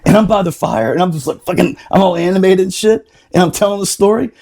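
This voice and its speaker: A man, a Marine veteran, spins a barracks story on a podcast with lots of laughter and swearing. His voice sits a little high, with a warm, mellow tone. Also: fast, vocal fry, a little hiss or hum. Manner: animated, laughing, swearing freely. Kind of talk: casual storytelling.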